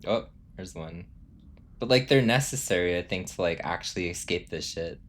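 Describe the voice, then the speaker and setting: A man's voice: deep voice, moderate pace. A man streaming a video game, chatting casually in a rambling, self-amused way full of fillers. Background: game music.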